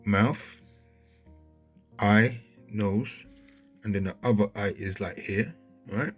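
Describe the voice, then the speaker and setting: A man with a husky, slightly rough voice talks over footage in a loose, conversational way. He grows excitable and keeps checking in with his listener. Faint music plays behind him. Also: on the low side, slow. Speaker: video commentator. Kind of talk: casual commentary over footage. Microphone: handheld mic.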